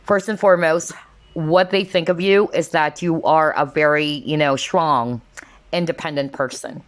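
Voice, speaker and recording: A woman's voice: sits low, steady tone, a little slow. A woman giving a casual tarot card reading to her viewers, earnest and emotional, talking with lots of fillers like "kind of, like" and "you know.". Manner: earnest, emotional, openly moved.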